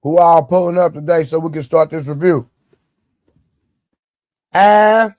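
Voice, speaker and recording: A man's voice: fairly high pitch, fairly even intonation, brisk, mellow, no room sound, clean studio sound. A man hosting a casual live stream, joking loosely and greeting his viewers by name. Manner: loose, joking, talks straight to his chat. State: sore leg, eating during the stream. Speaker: livestream show host.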